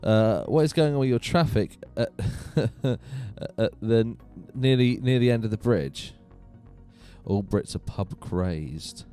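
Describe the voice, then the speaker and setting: A man hosting a casual gaming live stream from his home computer room, chatty and animated, laughing often. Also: lowish voice, takes it slowly, faint music behind.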